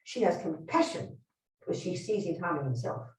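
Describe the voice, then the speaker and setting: Speaking in a fairly low, sing-song voice at normal speed, this woman is a Buddhist nun leading a live teaching workshop. Her tone is darkish, and she is blunt and emphatic, asking her listeners direct questions. The mic sits far from her in a spacious hall.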